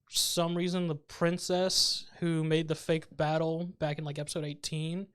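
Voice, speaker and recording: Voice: medium pitch, little pitch movement, moderate pace, a bit bright, smooth. Joking co-host with a mid-range voice. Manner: short joking interjections. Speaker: podcast co-host. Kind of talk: casual anime review chat.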